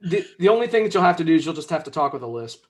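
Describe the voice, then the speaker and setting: A man's voice: on the high side, big pitch swings, rapid-fire. A man co-hosting a podcast, making wisecracks in casual banter. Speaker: podcast co-host.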